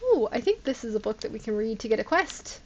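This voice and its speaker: A woman streamer with a fairly high, sing-song voice talks fast over her gameplay, with a little hiss or hum in the audio. Chatting casually to viewers, she sounds exasperated and disbelieving and laughs at herself.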